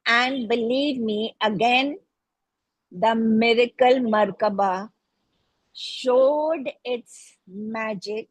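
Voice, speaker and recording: A woman's voice: a little high, slow pace, dry recording, low-quality recording. A middle-aged woman with an Indian English accent giving a fervent, grateful spoken testimonial about a healing practice.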